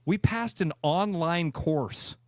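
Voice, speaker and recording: A man's voice: a little high, takes it slowly, no echo, studio quality. A man co-hosting a radio show, talking casually and emphatically, repeating phrases to drive a point home. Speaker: radio co-host, realtor. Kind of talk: casual sports radio chat.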